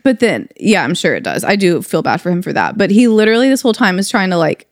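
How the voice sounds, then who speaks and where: A woman co-hosting a podcast in casual chat, telling a story with lively quoted voices. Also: mid-range voice, fast talker, dry recording, studio quality. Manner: animated storyteller, quotes people in their voices. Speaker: podcast co-host.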